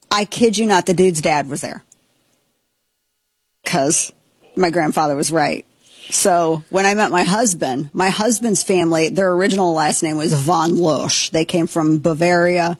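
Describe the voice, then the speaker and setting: A woman in her forties from Missouri hosting a casual talk show, telling stories in an animated, chatty way. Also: lowish voice, unhurried, husky, dry recording. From Missouri, USA. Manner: animated storytelling with frequent laughs. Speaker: host. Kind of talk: casual chat.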